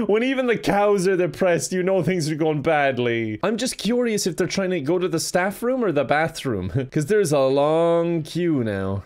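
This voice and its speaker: A young man narrating his own game session with sarcastic, mock-outraged humor. His voice sits a bit high for a man, and he often laughs through his words. The delivery is loose and conversational, like a streamer talking to viewers. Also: very animated, moderate pace. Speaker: gaming YouTuber. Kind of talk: comedic let's-play commentary.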